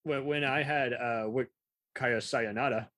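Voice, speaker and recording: A man's voice: mid-range voice, steady tone, unhurried, bright, forceful tone, no room sound. A man co-hosting a casual film podcast, rambling and profane, laughing often. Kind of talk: casual chat.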